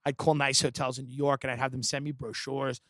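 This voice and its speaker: A comedian from the United States on a podcast, telling a long story in a sardonic, animated and provocative way. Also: male voice, medium pitch, brisk, dry recording.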